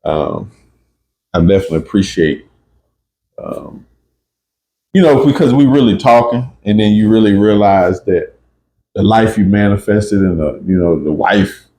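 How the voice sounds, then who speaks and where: A man's voice: on the low side, animated, unhurried, pauses often, dark tone, roomy sound. A man hosting a casual spiritual talk, emphatic and often checking in with "right?" and "you see?". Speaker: podcast host.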